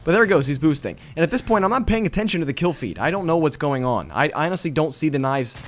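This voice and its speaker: A man's voice: a little high, expressive, fast talker, slight background noise. A man giving casual, profane commentary over his own gameplay footage, worked up as he retells the match. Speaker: gaming commentator.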